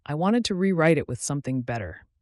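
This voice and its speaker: A man voicing a devoted young former football player, speaking low, earnest and tender in an audiobook. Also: expressive, fast, a little mellow, no echo, clean studio sound, natural voice.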